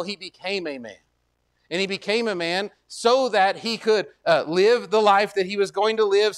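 Guy preaching pretty high-pitched, chatty sermon, retells bible stuff in plain talk, stumbles and restarts a lot. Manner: conversational preaching, retells scripture in everyday speech, frequent restarts; reads verses aloud in old biblical wording, slow and deliberate. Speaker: pastor.

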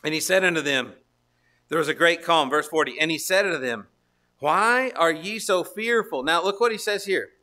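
A man preaching a sermon, reading Bible verses and turning them into conversational rhetorical questions, stopping now and then to clear his throat. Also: on the high side, a little fast, sharp tone.

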